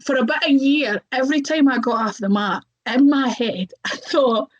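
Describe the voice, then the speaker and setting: A young woman chats as an interview guest, spinning anecdotes with lots of fillers. She acts out the voices of the people in her stories. Her voice sits a little higher than most women's. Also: normal speed, muffled recording. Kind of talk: casual interview storytelling.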